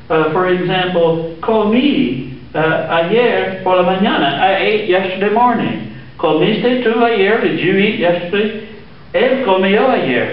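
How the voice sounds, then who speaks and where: A man teaching a Spanish grammar lesson, patiently walking through examples with frequent "uh" fillers. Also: high-pitched. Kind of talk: classroom lesson explaining grammar. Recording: echoey room, distant mic, dull sound.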